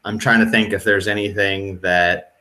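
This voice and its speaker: A man's voice: on the low side, level tone, moderate pace, bright, forceful tone. A man narrating as game master of a tabletop horror game, hesitant, with many ums and restarts.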